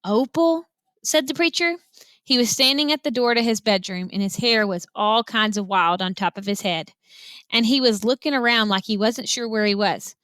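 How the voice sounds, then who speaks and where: A woman teacher reading a novel aloud to her students, telling them to follow along, with an expressive read-aloud manner. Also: a little high, normal speed, clean tone, no room sound.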